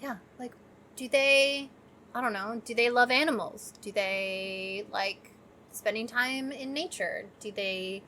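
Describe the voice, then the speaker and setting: A young woman chatting as a podcast guest. She thinks out loud and fires off questions in a slightly high voice, with a faint background hiss. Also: slow. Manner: thoughtful, asks many questions. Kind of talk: casual podcast chat.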